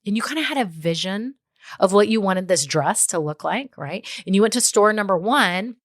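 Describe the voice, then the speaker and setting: A woman hosts a solo podcast giving business advice in a chatty way, often checking in with "okay?" and "right?". Her mid-range voice is expressive at a moderate pace, recorded with studio quality and no room sound.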